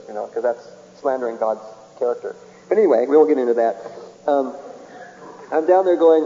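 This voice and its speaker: A man's voice: mid-range voice, fast, mellow, in a large hall, highs cut off. A man preaching a sermon in a folksy way, chuckling often and acting out little dialogues.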